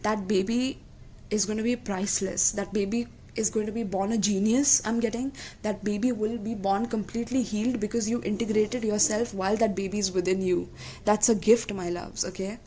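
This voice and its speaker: A woman's voice: mid-range voice, fairly even intonation, fairly quick, a little hiss or hum. A woman giving a tarot reading, earnest and affectionate, often checking in with her listeners. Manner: warm, repeatedly checks in with "okay?" and "my loves"; gentle, emotional and earnest. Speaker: tarot reader.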